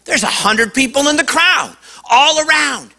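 A man preaching a lively sermon to kids, acting out voices and shouting at the high points. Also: unhurried, creaky. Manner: animated, acts out voices. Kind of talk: sermon to a young audience.

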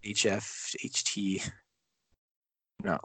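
Relaxed man thinking aloud, dry close sound. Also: fairly low pitch, drawn-out words, husky, no room sound. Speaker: podcast co-host. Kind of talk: casual fantasy draft chat.

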